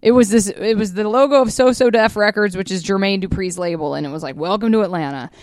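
A woman co-hosting a podcast in casual, chatty talk, swearing freely and breaking into quick asides. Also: medium pitch, darkish tone, dry recording, clean studio sound. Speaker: podcast co-host. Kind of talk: casual chat.

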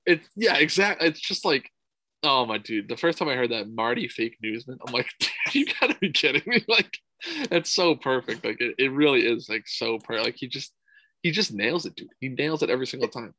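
A young man co-hosting a casual fight podcast, profane and excitable, saying "dude" a lot. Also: mid-range voice, fairly quick, a little hiss or hum, low-quality recording. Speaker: podcast host. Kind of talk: casual MMA podcast chat.

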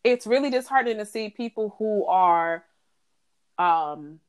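A woman's voice: medium pitch, lively intonation, unhurried, smooth. Blunt, heated woman podcast co-host. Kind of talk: casual chat.

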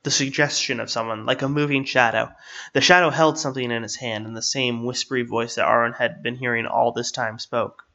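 A man reading a story aloud in steady, measured narration. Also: mid-range voice, vocal fry. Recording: slightly dull, lo-fi.

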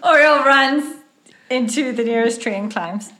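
A woman's voice: sits high, a little slow, pushed and bright. A woman with a cold plays in a tabletop role-playing game, sounding a little stuffy. She giggles often and is full of mischief toward the other players. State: has a cold.

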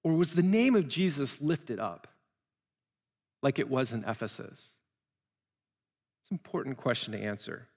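A man's voice: medium pitch, lively intonation, normal speed, pauses often. A male pastor preaching an earnest sermon to people watching at home, telling stories and building to fervent appeals. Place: church building. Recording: long reverb of a large church.

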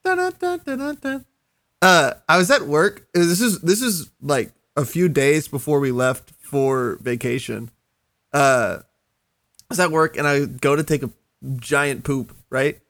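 Dry, animated man telling a story. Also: on the high side, unhurried, dry recording. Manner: animated, acts out the dialogue. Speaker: podcast host. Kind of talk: casual storytelling.

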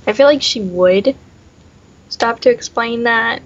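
A woman's voice: on the high side, takes it slowly, highs cut off. A young woman co-hosting a casual podcast chat, thoughtful and a little hesitant. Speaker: podcast co-host.

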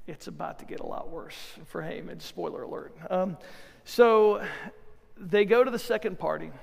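Pastor guy preaching, lively storyteller, high gravelly voice, hall echo. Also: normal speed. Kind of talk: sermon. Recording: long hall reverb.

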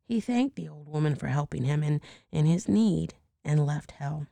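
A hoarse woman reading a bedtime story aloud in a slow, measured way, dropping into hushed asides. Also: deep voice, animated, no room sound.

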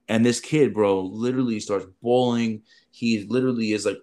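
A man, a military recruiter, telling a story in casual chat, animated and slangy, with loud swings in delivery. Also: on the low side, fast talker, hardly any pauses.

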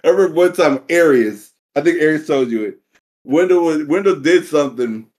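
Profane, animated male storyteller. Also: a little high, brisk. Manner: profane, animated, acts out scenes. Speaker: podcast co-host. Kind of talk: casual storytelling.

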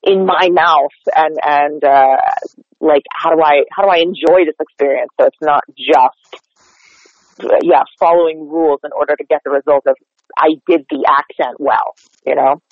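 A woman's voice: low-pitched, steady tone, normal speed, no echo. A woman from North Texas, a dialect coach, chatting in a casual interview with lots of "like" fillers. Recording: dull lo-fi sound, dry.

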